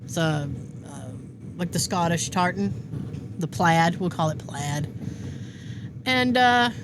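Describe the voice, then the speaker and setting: Donna sulla cinquantina che conduce un podcast, racconta divagando e ride spesso, voce molto mossa, ronzio di stufa ben udibile in sottofondo. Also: female voice, fairly low pitch, expressive, takes it slowly. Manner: rambling storyteller, laughs often. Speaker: podcast host. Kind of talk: casual chat. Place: indoor room with a space heater running. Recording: noisy room with heater hum.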